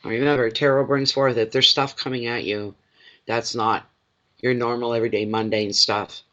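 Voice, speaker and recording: A man with a bright, forceful voice runs a live tarot reading. He chats easily, jokes and pokes fun at himself as he works through the cards. The audio is dull and lo-fi, as if recorded on a phone. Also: mid-range voice, little pitch movement, moderate pace. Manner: chatty, joking and self-deprecating. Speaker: tarot reader.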